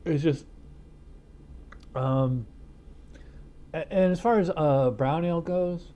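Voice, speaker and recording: A man's voice: on the high side, slow, warm tone, muffled recording. A man casually reviewing a beer in a home studio, rambling with lots of fillers and restarts and chuckling at his own jokes. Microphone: wireless lapel mic hidden behind a studio mic.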